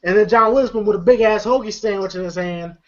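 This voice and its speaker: A film reviewer giving a casual, animated recap of a movie scene, chuckling and using lots of filler phrases. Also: medium pitch, fast talker. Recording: dull lo-fi audio.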